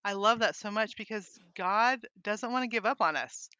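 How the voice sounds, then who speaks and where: A woman co-hosting a casual devotional chat, talking eagerly in quick bursts. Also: medium pitch, bright, forceful tone, smooth, no echo. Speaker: podcast co-host. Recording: dull, dry close mic.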